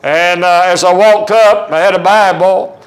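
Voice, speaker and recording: A man's voice: high voice, fairly even intonation, a little slow, poor audio. A man preaching a sermon in a church, emphatic and full of stories and quoted dialogue. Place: church sanctuary.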